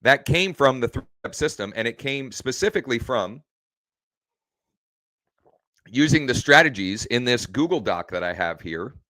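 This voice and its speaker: A man's voice: medium pitch, lively intonation, normal speed, long pauses, pushed and bright, no echo. A man hosting a casual live stream from home as a real estate coach, rambling and often correcting himself mid-sentence. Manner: rambling, self-correcting, restarts phrases.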